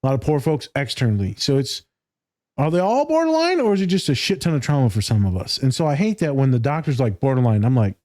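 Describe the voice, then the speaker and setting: A man hosting a podcast in casual chat, animated and swearing freely, laughing often. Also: mid-range voice, fast talker. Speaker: podcast host.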